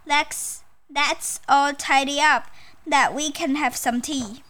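A woman's voice: high voice, steady tone, slow pace, bright, forceful tone, full character voice. A woman voicing a small, brave male mouse in a children's story, with a slightly raised, eager voice. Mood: bossy.

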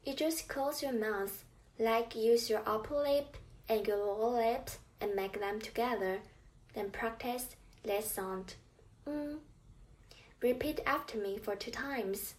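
A woman teaching a language lesson, drilling words and pausing for the listener to repeat. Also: on the high side. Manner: drills words and pauses for repetition. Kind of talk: slow, clear language lesson.

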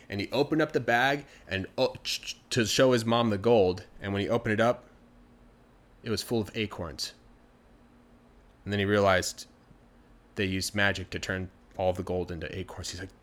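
A man with a lowish voice tells a folktale in a relaxed, chatty way. He sounds animated and easygoing, asking his listeners along as he goes. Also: moderate pace. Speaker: storyteller. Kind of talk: casual storytelling.

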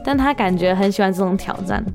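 A woman podcast host narrating a voice-over in a steady, explanatory way. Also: medium pitch, fast. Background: faint music.

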